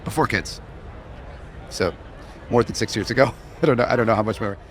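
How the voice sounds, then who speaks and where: A man's voice: lowish voice, brisk, slight background noise. A man co-hosting a live podcast at a conference, chatting casually and rambling through restarts and laughs. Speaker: podcast co-host. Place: conference hall floor.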